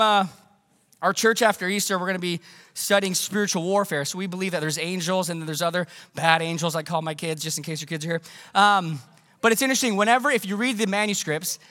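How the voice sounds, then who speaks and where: Pastor, male, middle-aged; high, bright tone; casual but emphatic preaching; long church echo. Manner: conversational, emphatic, asks the congregation questions. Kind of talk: Christmas sermon. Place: church sanctuary.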